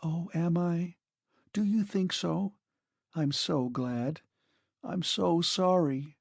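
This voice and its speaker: A man's voice: on the high side, slow pace, gravelly, dry recording, studio quality, pitched above the performer's own voice, full character voice. Man playing a tearful young woman. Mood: tender. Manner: pleading, emotional.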